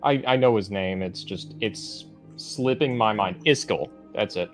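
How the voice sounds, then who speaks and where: A man co-reviewing comics in casual chat, speaking in a measured, thoughtful, analytical way. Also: lowish voice, soft background music.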